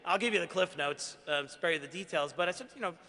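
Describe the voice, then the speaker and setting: A man from Queens, New York, gives a gala acceptance speech with a slightly high, bright and forceful voice. He tells his story earnestly and pokes fun at himself along the way. His words ring out with a long reverb through a large banquet hall. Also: fast talker. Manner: earnest, self-deprecating storytelling. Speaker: award honoree giving a speech.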